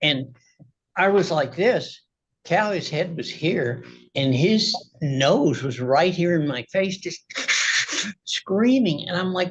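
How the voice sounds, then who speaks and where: A man testifies in a courtroom and tells his story in a worked-up, rambling way, circling back and restarting his sentences. His voice is breathy and husky, and the recording is a little muffled. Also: high voice, expressive, slow pace. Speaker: litigant.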